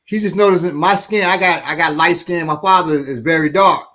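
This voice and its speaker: A man's voice: fairly high pitch, fairly quick. A man telling stories in a casual chat, acting out the voices of people in them. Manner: animated, acts out voices in his stories. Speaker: instructor. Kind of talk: casual storytelling.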